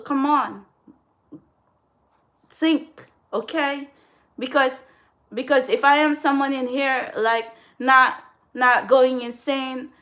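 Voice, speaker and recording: A woman vlogs in a loose, rambling way to her audience. Her voice sits fairly high, and she laughs often and keeps restarting her sentences. She gets blunt and scolding when she turns to trolls. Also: a bit bright. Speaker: vlogger. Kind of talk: casual rambling vlog.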